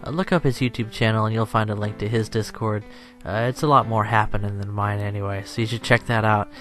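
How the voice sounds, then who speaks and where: A man's voice: on the low side, fairly even intonation, brisk, a bit bright, soft background music. A tired young man chatting over gameplay as a channel host, rambling and self-deprecating, laughing often.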